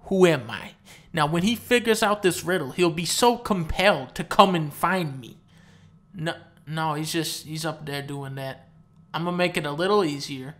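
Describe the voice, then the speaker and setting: Bright-voiced man's profane gameplay commentary. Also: normal speed. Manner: profane, mocking, swings from low mutters to sudden shouts.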